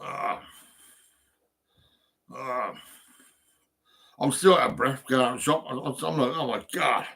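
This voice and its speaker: Bright-voiced rambling man. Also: mid-range voice, slow, vocal fry, long pauses. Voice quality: rambling, many fillers and restarts, swears. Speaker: vlogger. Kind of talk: casual rambling monologue.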